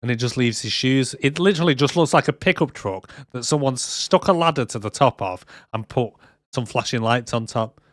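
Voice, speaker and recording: A man's voice: mid-range voice, fairly quick, no echo, clean studio sound. A man co-hosting a movie podcast, chatting casually, swearing freely and retelling scenes. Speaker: podcast co-host. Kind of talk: casual chat.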